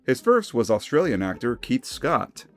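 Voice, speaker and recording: Lively man narrating a fan video essay. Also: mid-range voice, moderate pace, soft background music. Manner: enthusiastic, conversational fan commentary. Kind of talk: scripted narration.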